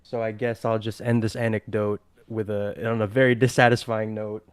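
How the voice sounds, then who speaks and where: A man's voice: on the low side, flat delivery, moderate pace, smooth, no echo. A young man co-hosting a podcast stream, telling rambling, easygoing stories in casual chat. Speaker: podcast co-host.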